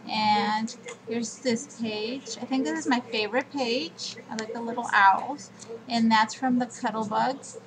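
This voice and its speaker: A woman's voice: on the high side, low-quality recording. A woman walking viewers through her scrapbook pages in a homely show-and-tell video. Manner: slow, homely walkthrough of pages. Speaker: crafting vlogger.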